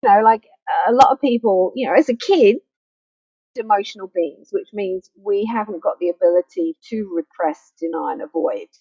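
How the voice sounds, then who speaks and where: A woman's voice: mid-range voice, normal speed, dark tone, breathy edge, no room sound. A woman grief counsellor giving an earnest, conversational teaching talk to camera, repeating key words for emphasis. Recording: dull faulty mic sound.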